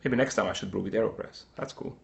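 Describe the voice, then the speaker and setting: Middle-aged male streamer, Slovak-Hungarian accent, somewhat low and gravelly, casual and upbeat. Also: quick pace. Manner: chatty, answers viewer comments, upbeat. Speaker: livestream host. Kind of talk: casual live-stream chat.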